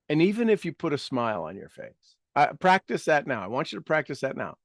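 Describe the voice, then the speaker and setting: A man leading a self-help talk, guiding listeners through exercises and asking rhetorical questions, with his loudness rising and dropping. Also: on the high side, very animated, a little fast, no room sound, studio quality. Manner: rhetorical questions, repeats phrases for emphasis. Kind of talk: coaching talk with guided exercises.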